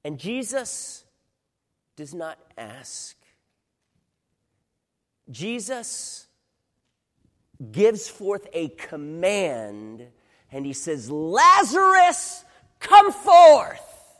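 Dramatic preacher in a big echoing hall. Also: male voice, on the high side, big pitch swings, drawn-out words, pauses often. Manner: dramatic, swings from hushed to loud, acts out quoted voices. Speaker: pastor. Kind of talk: sermon.

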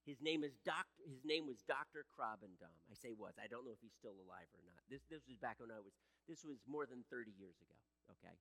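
A man delivering a sermon with a bright, forceful voice that builds in earnest intensity. He often stops and restarts his sentences. The sound carries a long reverb from a large hall. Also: medium pitch, animated, a little fast, gravelly, hardly any pauses. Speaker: pastor.

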